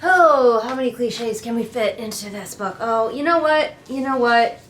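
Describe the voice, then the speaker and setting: A woman's voice: a little high, normal speed, fairly bright tone, a little hiss or hum. A woman with a nasal voice, sitting in a chair at home and giving a sarcastic, casual critique of a book. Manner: sarcastic, snarky. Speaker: book reviewer.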